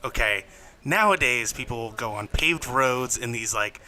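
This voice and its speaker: A man's voice: medium pitch, expressive, measured pace, bright, forceful tone, slight background noise. A man co-hosting a podcast in casual, jokey banter, laughing often, recorded on a table microphone inside an open bookstore. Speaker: podcast co-host. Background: faint shop ambience.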